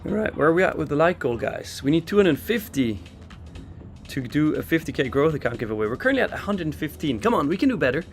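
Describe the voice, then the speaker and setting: In London for a trading expo, a Swiss-raised man runs a live trading stream, chatting casually about the markets and replying to viewers. His voice is on the high side, fast, with big swings in pitch.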